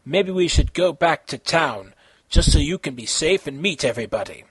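A man voicing a calm, stoic adult male martial-arts hero who speaks slowly. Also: on the high side, husky, no room sound, full character voice, low-quality recording. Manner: calm, slow, clipped.

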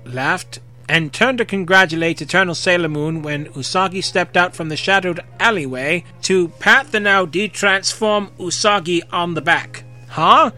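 A man's voice: high voice, moderate pace, bright, forceful tone, soft background music. A young man reading fan fiction aloud in a casual way, breaking off for jokey asides. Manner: casual, jokey, swears freely.

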